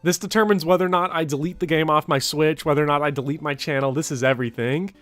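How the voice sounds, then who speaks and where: A young man hosting a let's play, excitable and dramatic, often laughing as he reacts to the game. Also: a little high, fast, faint music behind. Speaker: gaming channel host.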